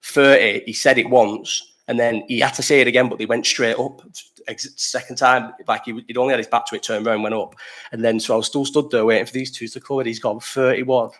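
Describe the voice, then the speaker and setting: A man's voice: mid-range voice, fairly even intonation, fast, fairly bright tone. A young man with a Liverpool accent who hosts a casual live chat and tells rambling, sweary stories while reading the chat aloud. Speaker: livestream host.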